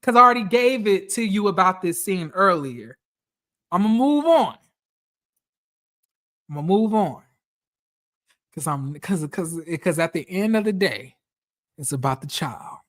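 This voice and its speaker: A woman's voice: on the low side, lively intonation, a little slow, long pauses. A woman giving casual, profane reality TV commentary, blunt and repeating phrases for emphasis.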